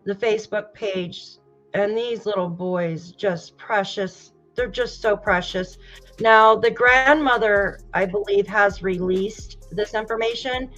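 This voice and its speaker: A true crime livestream host reads posts aloud and greets her chat in casual commentary, addressing viewers directly. Her mid-range, slightly bright voice moves slowly, broken by frequent sighs as she fights back tears. The recording is dull, lo-fi stream audio with faint music.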